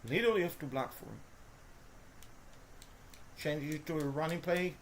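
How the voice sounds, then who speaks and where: A woman commentating her own video game play, swinging between frustrated groans and shouted cheers, talking to the players and to her viewers. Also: low-pitched, moderate pace, a little hiss or hum. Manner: talks to the players and to viewers as folks. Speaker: gaming video host. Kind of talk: live gameplay commentary.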